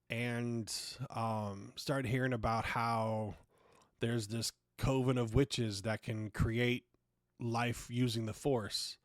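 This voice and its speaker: A man's voice: mid-range voice, no room sound, clean studio sound. A man hosting a podcast, ranting casually and sarcastically, swearing freely and often restarting his sentences. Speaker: podcast host.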